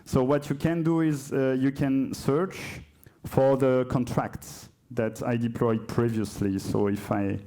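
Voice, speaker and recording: This conference speaker, a man with a French accent, talks slowly in a warm, medium-pitched voice with fairly even intonation. During his live coding talk in a conference hall, he hesitates, fixes his own wording, and wanders into friendly asides.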